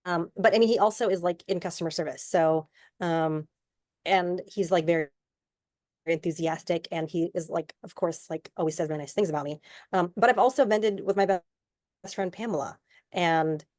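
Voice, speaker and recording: A woman's voice: on the low side, moderate pace, a little mellow, no room sound, clean studio sound. A woman guest artist talking casually on an online panel, chatty and rambling, with lots of filler words.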